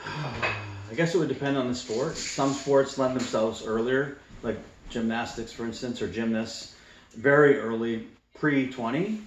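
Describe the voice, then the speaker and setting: A man co-hosts a casual chat, speaking in a measured way and slipping in dry teasing remarks. The room is echoey, and noise is audible behind him. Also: medium pitch. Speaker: co-host.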